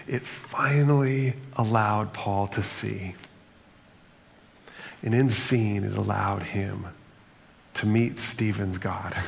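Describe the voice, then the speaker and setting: A man's voice: on the low side, gravelly. A male pastor giving an earnest, reflective sermon, ending in prayer. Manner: earnest, reflective preaching with brief humor. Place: church sanctuary. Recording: church hall reverb, faint noise.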